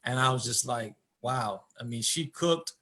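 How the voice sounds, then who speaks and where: A man who coaches, speaking as an interview guest about his marriage, halting and repeating words as he searches for his thoughts. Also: mid-range voice, sharp tone, slightly rough. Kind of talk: candid conversation about marriage.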